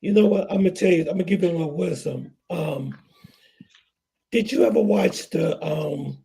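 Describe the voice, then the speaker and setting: Man, high gravelly voice, raspy, laid-back adviser in a chat. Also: normal speed, warm tone. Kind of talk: casual chat.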